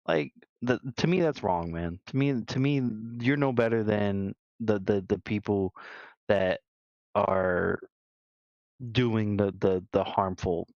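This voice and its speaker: A man's voice: on the low side, takes it slowly, a little mellow, no room sound. A man co-hosting a gaming podcast, talking casually in a rambling way, full of restarts and "you know.". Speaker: podcast co-host. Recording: dull lo-fi dry sound.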